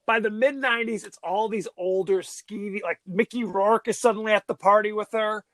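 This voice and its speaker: A man co-hosting a podcast in casual chat, animated, often mocking actors' line readings. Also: sits high, brisk, no echo. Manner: animated, mocks line readings with exaggerated impressions. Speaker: podcast co-host.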